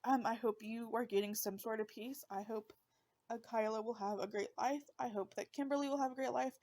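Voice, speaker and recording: Tearful higher-voiced woman podcast host. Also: steady tone, brisk, darkish tone. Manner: emotional, fighting back tears; conversational with fillers. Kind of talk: casual true-crime podcast narration.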